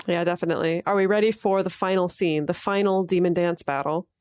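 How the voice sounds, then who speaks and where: A woman's voice: lowish voice, steady tone, brisk, a little mellow, smooth, no room sound, clean studio sound. A woman co-hosting a podcast in casual chat, playful as she sets up scenes. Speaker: podcast co-host.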